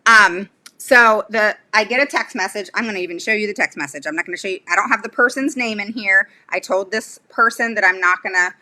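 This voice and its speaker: A woman's voice: mid-range voice, a little fast, hardly any pauses, bright, forceful tone. A woman speaking as a special education advocate to her viewers, blunt and fired up, with many "okay?" tags and rambling asides. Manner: rambling asides and sudden laughs. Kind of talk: casual livestream talk to viewers.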